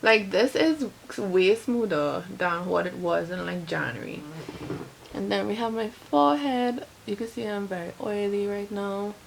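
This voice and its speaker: A woman's voice: mid-range voice, measured pace, vocal fry, slight background noise, rough recording. A young Trinidadian woman vlogging casually to camera, rambling with lots of filler words. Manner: chatty, rambling, many "like" fillers. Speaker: beauty vlogger.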